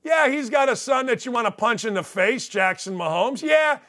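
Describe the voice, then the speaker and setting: A middle-aged man hosts a sports talk show in a high, bright voice. He rants bluntly and sarcastically, swearing freely as he hands out his opinions. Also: animated, moderate pace. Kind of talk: opinionated sports commentary monologue.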